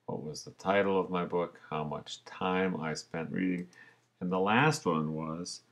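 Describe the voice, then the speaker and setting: Slow, deep-voiced man teaching a screencast. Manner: relaxed, talks through each step as he clicks. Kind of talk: screencast tutorial narration.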